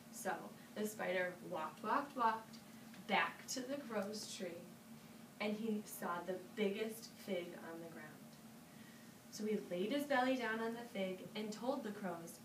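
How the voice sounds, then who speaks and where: Woman telling a kids story out loud, gets them to join in, roomy far-off mic, noisy bg. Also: mid-range voice, a little slow. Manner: animated, invites listeners to join in. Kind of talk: interactive storytelling for children. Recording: roomy, distant mic with ambient noise.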